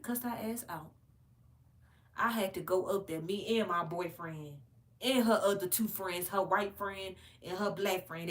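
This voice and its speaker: A woman giving casual ranting commentary as a vlogger, blunt and profane, laughing between points as she tells stories. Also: mid-range voice. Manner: blunt, profane, animated storytelling.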